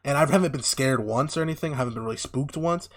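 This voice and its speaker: Casual male podcast co-host, mid-pitched, tells stories with lots of acted-out lines and swearing. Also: fast talker. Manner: animated storyteller acting out characters' lines, heavy swearing. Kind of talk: casual chat, retelling a story.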